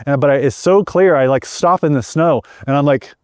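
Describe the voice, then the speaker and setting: A man's voice: on the high side, fairly quick, few pauses, a little mellow, clean tone, no echo, clean studio sound. Earnest middle-aged man telling his story. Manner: earnest, repeats words and restarts often. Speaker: guest sharing a personal testimony.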